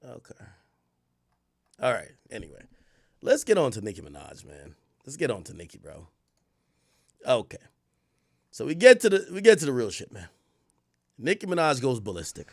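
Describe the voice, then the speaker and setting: A man hosting a late-night stream, reading posts aloud and reacting with profane, animated commentary. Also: medium pitch, normal speed, vocal fry, long pauses, dry recording, studio quality. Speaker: livestream host.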